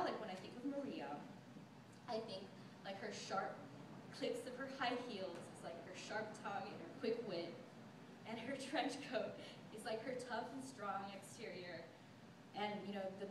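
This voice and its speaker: Young woman giving a giggly wedding toast. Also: medium pitch. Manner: chatty, giggly, filler-heavy. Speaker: maid of honor. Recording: echoey, distant mic, background noise.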